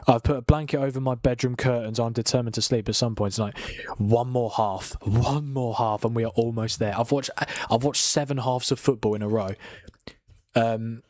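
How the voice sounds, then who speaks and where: A man's voice: medium pitch, fairly even intonation, fairly quick, a little mellow, no echo. A young man chatting casually on a live football watchalong stream, a little tired, swearing now and then and reading out viewer comments. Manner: chatty, swears, laughs, reads out viewer chat. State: tired from a long night of watching.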